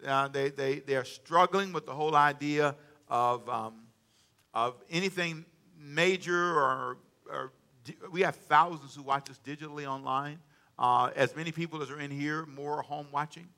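A man preaches to his congregation in a bright, forceful voice that sits a little high for a man. He leads them in call-and-response, pushing some lines out loud and dropping others low. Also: moderate pace. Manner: call-and-response preaching, dramatic swings in volume. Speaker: pastor. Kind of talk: sermon. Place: church sanctuary with congregation.

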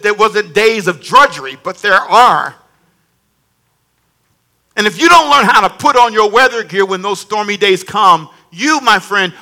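A man preaching a sermon as pastor, telling funny stories and calling for the congregation to answer back. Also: high-pitched. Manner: animated, humorous storytelling with call-and-response.

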